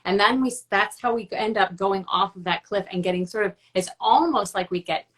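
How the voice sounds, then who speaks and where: A woman's voice: mid-range voice, brisk, a bit bright, low-quality recording. A woman co-hosting a spiritual chat, telling stories reflectively and often checking in with "right?". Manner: reflective storytelling, frequent "right?" tag questions. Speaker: co-host.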